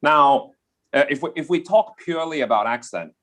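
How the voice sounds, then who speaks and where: A man from Australia with a softened Australian accent, an English teacher explaining pronunciation in a live online class, often checking in with "yeah?". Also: on the high side, expressive, moderate pace. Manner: explanatory, repeats key points, checks in with "yeah?".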